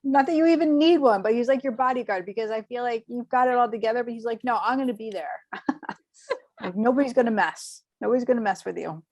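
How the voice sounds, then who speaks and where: A woman hosting a spiritual show, giving medium readings in an animated, gushing way with lots of fillers. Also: a little high, fast talker, dry recording, lo-fi sound. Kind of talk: spiritual reading, casual chat.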